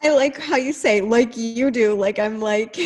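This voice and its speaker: A woman's voice: on the high side, unhurried, a little mellow. A young woman co-hosting a podcast in dry, teasing casual chat. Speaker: podcast co-host.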